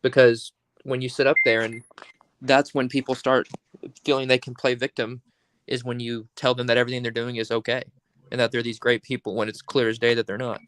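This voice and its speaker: A man chatting casually and giving his opinions earnestly, with pauses and fillers. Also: medium pitch, little pitch movement, a bit bright, smooth. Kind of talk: casual chat.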